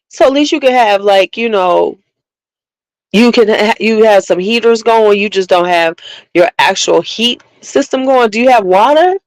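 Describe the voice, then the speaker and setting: A woman's voice: medium pitch, a little slow, no echo, low-quality recording. A woman beauty vlogger chatting casually and animatedly with her viewers. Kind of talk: casual livestream chat.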